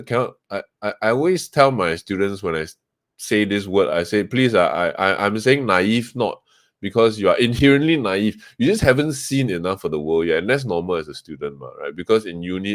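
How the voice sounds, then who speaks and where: Low-voiced Singaporean man, rambling chat. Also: no echo, studio quality. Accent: Singaporean English. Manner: chatty, rambling, frequent fillers and restarts. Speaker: podcast guest, webcomic co-founder. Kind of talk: casual interview talk.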